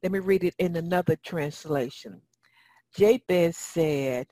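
A woman's voice: on the low side, measured pace, mellow, no room sound. A woman giving a Bible teaching in a folksy, emphatic way and reading scripture aloud. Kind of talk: sermon teaching.

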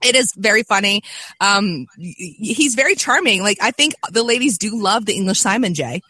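A woman hosting a podcast in casual chat, an animated, chatty storyteller. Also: medium pitch, normal speed, husky, dry recording. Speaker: podcast host.

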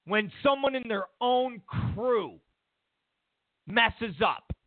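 A man's voice: very high voice, expressive, very slow, dry recording. A man hosting a political commentary show, talking emphatically and mockingly, often repeating himself. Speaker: host. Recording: dry, tinny phone-like sound.

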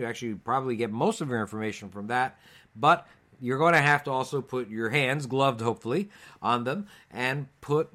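A male co-host talks through medical and news topics in a relaxed, conversational manner, pausing with fillers as he goes. His voice is bright and clear, at a middle pitch. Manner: easygoing, explanatory with fillers. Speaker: physician co-host. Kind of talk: conversational podcast talk.

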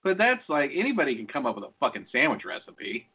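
A man's voice: medium pitch, huge pitch swings, quick pace, slightly rough. A man co-hosting a podcast, joking and rambling in casual banter. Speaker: podcast co-host. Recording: phone-like lo-fi audio.

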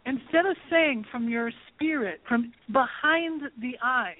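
A woman's voice: sits high, slow, hardly any pauses. A woman hosting a spiritual talk show, speaking emphatically in a preaching cadence. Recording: tinny phone line, dry.

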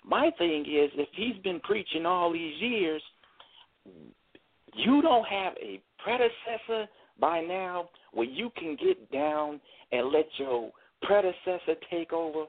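A man's voice: high voice, very animated, slow, vocal fry. A man calling in to a radio show, hesitant and stammering as he makes a critical point. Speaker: caller. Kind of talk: call-in argument. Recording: tinny phone line.

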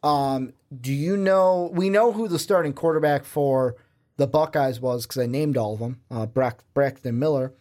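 A man's voice: medium pitch, normal speed, darkish tone. A young man co-hosting a sports podcast in casual chat, quizzing his partner with rambling asides. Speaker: podcast co-host.

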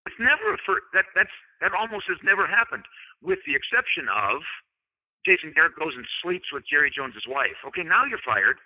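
A male sports talk radio host with a somewhat high voice, pushing his points hard and sliding into sarcasm. The sound is narrow and tinny, like a phone line. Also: sing-song, a little fast. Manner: emphatic, combative, sarcastic.

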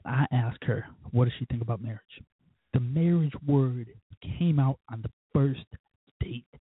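A man's voice: mid-range voice, unhurried, slightly rough, no echo, narrow, tinny audio. A man hosting a show, telling a first-date story in a rambling, profane, self-mocking way. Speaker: podcast host. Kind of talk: casual storytelling monologue.

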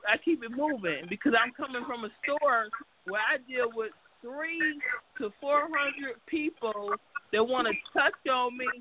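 Caller on a noisy phone line. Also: female voice, high voice. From Chicago. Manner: blunt, profane, fighting back tears. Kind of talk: emotional phone call-in.

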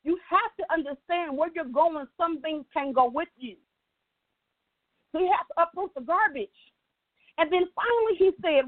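A woman's voice: very high voice, normal speed, no room sound. A woman guest giving a faith-based motivational talk, emphatic, repeating key lines and checking in with "right?". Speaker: guest speaker. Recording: tinny phone-like line, dry.

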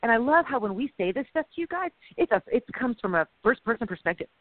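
A woman co-hosting a casual faith talk show, rambling and exclamatory in an animated way. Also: fairly high pitch, quick pace, no echo. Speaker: podcast co-host. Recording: tinny phone-like, dry.

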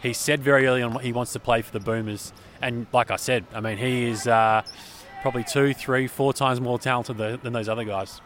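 A man with an Australian accent, a sports journalist chatting as an interview guest at an arena, talking in an animated way with plenty of fillers. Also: medium pitch, a little fast, a little hiss or hum. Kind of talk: casual interview chat. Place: sports arena after a game.

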